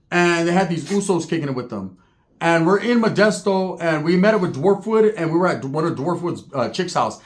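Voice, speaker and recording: A man telling rambling, profane, joking stories in casual talk. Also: on the high side. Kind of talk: casual storytelling.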